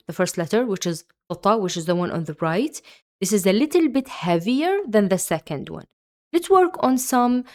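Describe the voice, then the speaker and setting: Slow, patient woman teaching sounds. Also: medium pitch, darkish tone. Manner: patient, repeats each sound several times. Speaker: Arabic teacher. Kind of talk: slow, careful pronunciation lesson.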